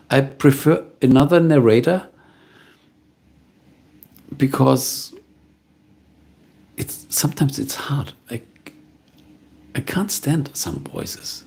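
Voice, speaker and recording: A middle-aged man with a husky, slightly breathy voice, chatting casually on a live stream. He works as a voiceover artist and muses calmly over viewer comments. His pitch sits in the middle of the male range. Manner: calm, musing, answers viewer comments. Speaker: voiceover artist hosting a livestream.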